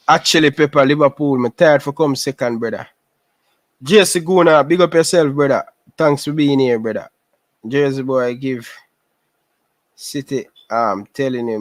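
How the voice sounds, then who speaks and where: A man's voice: mid-range voice, no echo. A man with a Jamaican accent, chatting casually with viewers on a livestream, repeating himself and calling out viewers by name. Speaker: livestream host. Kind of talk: casual live chat. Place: living in Canada.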